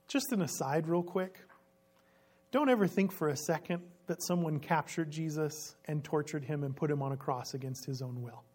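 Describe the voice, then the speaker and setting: A preacher giving an expository sermon in a lively way, asking the listeners questions and laughing now and then. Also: mid-range voice, unhurried, pauses often, husky.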